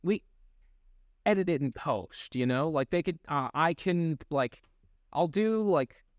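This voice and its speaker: A young man co-hosting a podcast in casual chat, rambling and halting, swearing freely. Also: a little high, expressive, dry recording, clean studio sound. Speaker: podcast co-host.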